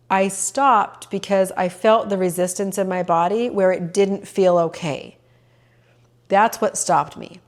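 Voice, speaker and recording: A middle-aged woman hosting a personal podcast, talking earnestly and openly emotional about her own life, with plenty of fillers and restarts. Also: mid-range voice. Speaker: podcast host. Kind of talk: personal reflective podcast monologue.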